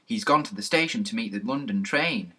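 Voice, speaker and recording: A man voicing a frightened, motherly woman cook who shouts out news. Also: on the low side, expressive, fairly quick. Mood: flustered. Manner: shouting, flustered.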